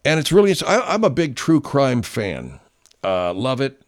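A man hosting his own show, telling a story in a profane, digressive, animated way. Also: medium pitch, normal speed. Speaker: host. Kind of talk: casual show monologue.

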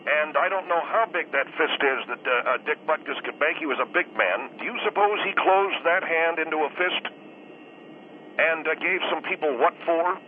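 A man's voice: fairly high pitch, normal speed. A man calling in as a guest to a radio talk show, speaking earnestly and at length about feeling wronged. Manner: earnest and aggrieved, explains at length. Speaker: call-in guest. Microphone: telephone. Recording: tinny phone line with faint hiss.

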